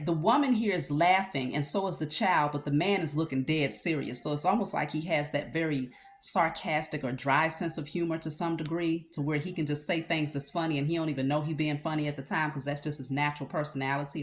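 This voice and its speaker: A woman with a low voice talks through a tarot reading in an easygoing, conversational way. She stops often to check in with her listener and fills the pauses with casual asides. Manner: conversational, with fillers and check-ins. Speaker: tarot reader.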